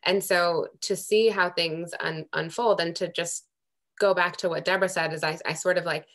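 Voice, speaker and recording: A young woman from Amherst, Massachusetts, who co-chairs a working group, gives earnest, emotional remarks at a public meeting and restarts often. Her voice sits on the low side, steady and a bit bright, at normal speed.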